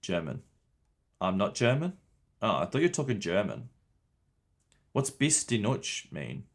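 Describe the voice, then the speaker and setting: A man's voice: on the low side, big pitch swings, measured pace. A young man streaming a game, chatting casually with his viewers, swearing and laughing often. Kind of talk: casual livestream commentary.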